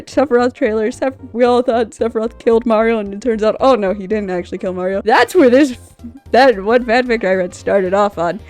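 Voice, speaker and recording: A young woman vlogging off the cuff, rambling with frequent laughter, loud outbursts and swearing. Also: sits high. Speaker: youtuber. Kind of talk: unscripted ranking vlog.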